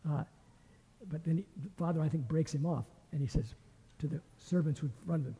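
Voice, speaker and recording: An older man teaching a Bible class, retelling a parable with lively storytelling and acted-out voices. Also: fairly high pitch, fairly quick, gravelly, slightly rough, big-room sound, rough recording.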